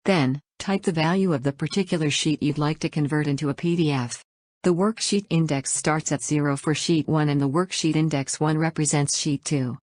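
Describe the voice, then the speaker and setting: A woman narrating a scripted software tutorial, reading each step in an even, instructional way and spelling out acronyms letter by letter. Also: low voice, normal speed, no echo, studio quality.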